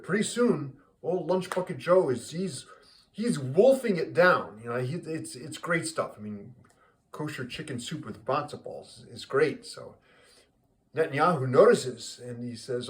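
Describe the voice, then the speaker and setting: A man's voice: on the high side, expressive, measured pace. Chatty man rambling through a joke. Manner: rambling, chatty, many fillers. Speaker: joke teller. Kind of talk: casual joke telling.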